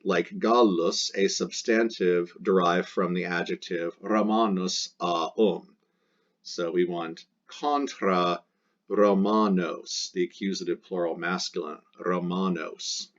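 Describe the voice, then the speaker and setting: A man teaching a Latin lesson in a casual, joking way, drawing out the Latin words slowly as he walks through exercises. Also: deep voice. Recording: dull lo-fi sound.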